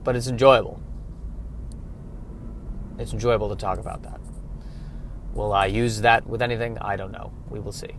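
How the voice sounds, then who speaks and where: A man's voice: on the low side, fairly even intonation, normal speed, vocal fry, pauses often, slight background noise. A man hosting a casual comedic solo podcast, rambling in a self-deprecating way and often restarting his sentences. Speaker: podcast host.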